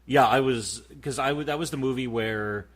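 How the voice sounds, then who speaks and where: A man in his thirties co-hosting a casual podcast, swearing freely and telling animated stories. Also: medium pitch, normal speed. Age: 30s. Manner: profane, animated storytelling. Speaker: podcast co-host. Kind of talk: casual chat.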